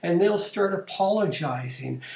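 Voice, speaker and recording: A man's voice: sits high, animated, a little slow, gravelly, darkish tone. A man hosting his own video channel, talking casually to camera and reading out viewer comments in a wry, playful, self-mocking way. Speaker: vlog host. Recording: echoey room.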